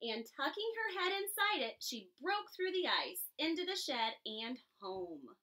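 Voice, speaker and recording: A woman reading a children's picture book aloud, giving each animal its own expressive voice. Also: sits high, unhurried. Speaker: storybook reader. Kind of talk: children's story read-aloud.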